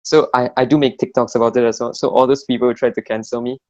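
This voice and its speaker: Young dude chatting on a podcast, jokey and blunt, kinda muffled audio. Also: male voice, mid-range voice, flat delivery, quick pace, darkish tone. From Singapore. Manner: joking, blunt, rambling with fillers. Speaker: podcast co-host. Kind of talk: casual chat.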